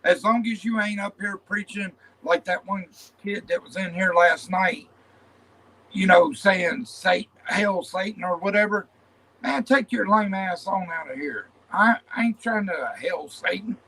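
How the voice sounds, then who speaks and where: A man's voice: sits high, measured pace, pushed and bright, rough recording. A man hosting a casual panel chat about his beliefs, blunt and rambling, repeating himself as he talks. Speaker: channel host.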